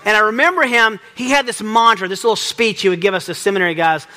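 A middle-aged man preaching a sermon as pastor, lively and joking, acting out little exchanges. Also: sits high, quick pace. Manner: lively, joking, acts out dialogue.

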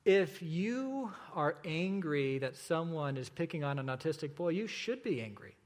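A man preaching a sermon as a pastor, earnest and emphatic, slowing down for repeated points. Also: on the high side, sing-song, big-room sound.

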